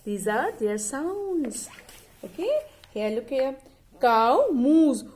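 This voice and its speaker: A woman teacher talks through a lesson at a very slow, deliberate pace. Her pitch sits a little high and swings widely, climbing sharply whenever she imitates an animal. She often spells words out letter by letter. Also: very animated, darkish tone. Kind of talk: online class lesson.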